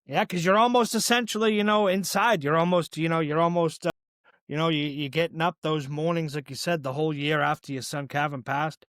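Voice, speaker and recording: A man's voice: fairly high pitch, fairly even intonation, brisk, a bit bright, dry recording, studio quality. A man hosting a podcast interview, chatting casually with many fillers. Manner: supportive backchannels, rambling with fillers. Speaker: podcast host.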